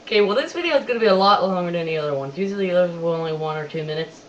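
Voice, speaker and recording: A casual webcam movie reviewer who talks chattily, keeps repeating that he has to admit things, and quotes lines with animated emphasis. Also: medium pitch, racing. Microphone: webcam microphone. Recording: distant dull webcam audio, faint hiss.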